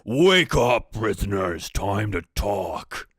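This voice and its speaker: A man's voice: lowish voice, sing-song, slow, fairly bright tone, dry recording, studio quality, exaggerated voice. A man voicing a surly, brutish male orc thug who grumbles and barks his lines. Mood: gruff. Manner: grumbling, gruff.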